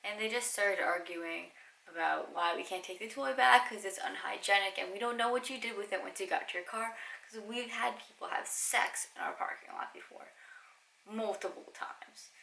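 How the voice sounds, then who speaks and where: A woman's voice: medium pitch, normal speed, creaky, sharp tone, reverberant, low-quality recording. A woman in her twenties telling stories to camera in a casual, chatty way, swearing freely. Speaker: vlogger. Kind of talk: casual storytime.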